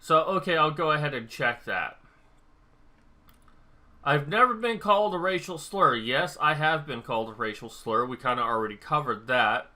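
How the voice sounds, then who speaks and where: Bright-voiced man rambling to camera. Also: a little high, lively intonation, normal speed. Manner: rambling, thinking aloud. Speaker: vlogger. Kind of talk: casual talk-to-camera monologue.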